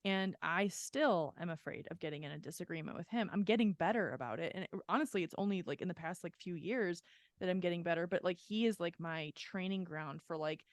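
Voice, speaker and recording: A woman co-hosts a podcast in casual chat, her voice on the low side and fairly quick with no room sound. She talks candidly and rambles at length, leaning heavily on "like" and swearing freely.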